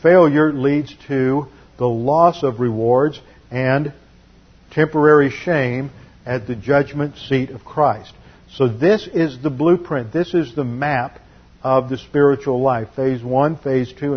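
Male pastor, expository sermon, husky tone, dull lo-fi recording, methodical point-by-point teaching. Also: medium pitch. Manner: methodical teaching, numbered points, steady emphasis.

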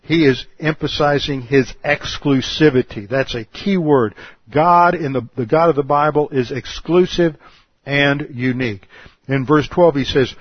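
A man preaching an expository sermon, teaching in a measured, emphatic way and posing rhetorical questions. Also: a little high, slightly rough, dry recording, highs cut off. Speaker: pastor.

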